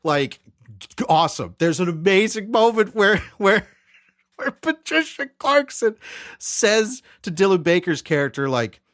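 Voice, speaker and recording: A man co-hosting a movie podcast in casual chat, retelling scenes with lively quoted character lines. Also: sits high, moderate pace, dry recording, studio quality. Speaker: podcast co-host.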